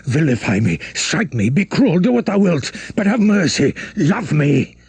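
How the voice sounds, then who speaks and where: A man voicing an obsessed middle-aged priest who begs passionately in old-fashioned speech, with a husky voice. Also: a little high, very animated, unhurried, darkish tone, dry recording, voice pushed up, full character voice. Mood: pleading. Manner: passionate, begging, archaic speech.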